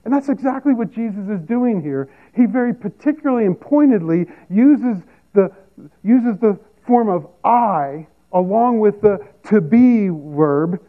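A man's voice: sits high, lively intonation, a little slow. A man preaching a sermon as a pastor, teaching emphatically and repeating key phrases. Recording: tinny phone-like sound.

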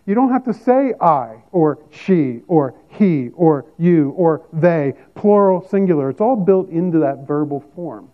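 Emphatic pastor preaching, tinny sound. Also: male voice, on the high side, expressive, unhurried, few pauses. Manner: teaching, emphatic, repeats key phrases. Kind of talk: sermon.

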